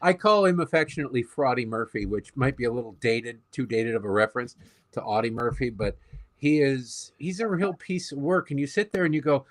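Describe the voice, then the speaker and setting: A man appearing as a guest commentator, talking in a sarcastic, profane, animated way in casual political chat. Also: mid-range voice, a little fast, no echo, clean studio sound.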